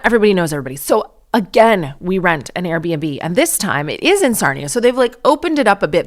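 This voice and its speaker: A woman in her forties hosting a podcast, telling casual stories with irreverent asides. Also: deep voice. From Canada. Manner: chatty, irreverent, quick asides. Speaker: podcast host. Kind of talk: casual storytelling monologue.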